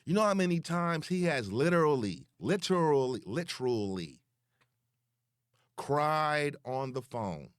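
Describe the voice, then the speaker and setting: A young man, ranting slowly and profanely as he calls someone out online, repeating words for emphasis. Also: a little high, sing-song, smooth, no echo, clean studio sound. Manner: slow, taunting and profane. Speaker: online commentator. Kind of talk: confrontational call-out rant.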